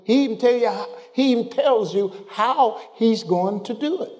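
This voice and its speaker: A man preaching a sermon, questioning his congregation and drawing out scripture slowly before rising in pitch as he builds. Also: a little mellow, big-room sound. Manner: call-and-response, questioning the congregation.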